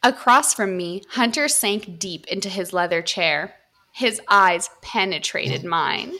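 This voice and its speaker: A young woman reads a steamy story aloud for her podcast, her voice bright and crisp in tone. She is giggly and playful, ready to stop mid-line and laugh at the text. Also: medium pitch, takes it slowly.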